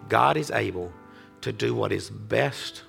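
A man pastor closing a church service with a farewell prayer, speaking earnestly, halting and restarting. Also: fairly low pitch, creaky, fairly bright tone, soft background music. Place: church sanctuary.

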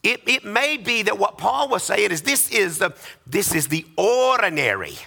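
Male pastor mid-sermon, high voice, dramatic pauses and rising cadence. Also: big pitch swings, creaky, sharp tone, husky.

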